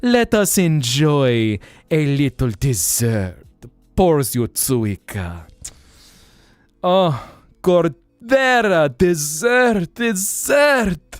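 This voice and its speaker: A man voicing a charming Romanian woman with a mock Romanian accent, speaking in a slow, courtly, seductive way. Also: fairly high pitch, smooth, dry recording, pitched above the performer's own voice, exaggerated voice.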